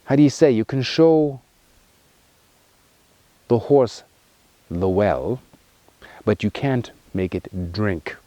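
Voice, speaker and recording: A man giving an earnest spiritual monologue as a wellness vlogger, emphatic and heartfelt, moving between loud pushes and hushed, soft passages. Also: on the low side, lively intonation, slow, pauses often, dry recording.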